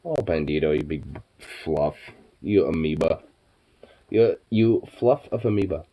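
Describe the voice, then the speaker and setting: A man's voice: low-pitched, animated, unhurried, dull audio. A young man chatting late at night to his pets, stoned and sleepy, cooing baby talk, swearing, laughing often. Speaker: vlogger.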